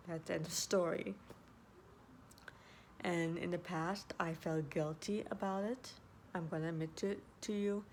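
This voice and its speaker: An earnest woman gives casual advice in a low-pitched voice. She circles back and restarts her sentences. A faint hum of background ambience sits behind her. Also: a little mellow. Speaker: vlogger. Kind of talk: casual advice talk to camera.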